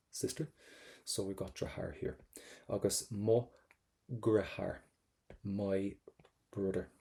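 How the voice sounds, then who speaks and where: A man's voice: on the low side, creaky, warm tone. A man with an Irish accent, teaching an exam-prep language lesson in a chatty, joking way, drilling pronunciation.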